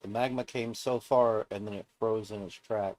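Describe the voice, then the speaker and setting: A man's voice: lowish voice, steady tone, normal speed, darkish tone, no room sound. A man streaming a game alone, narrating casually in a subdued, downbeat mutter to himself. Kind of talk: casual gameplay commentary.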